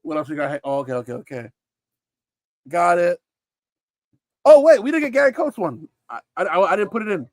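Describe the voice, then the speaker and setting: A man hosting a live comic auction stream, telling stories in an animated way and swearing freely. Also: high voice, a little fast, pauses often, no room sound, rough recording. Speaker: comic shop stream host. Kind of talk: casual live auction chat.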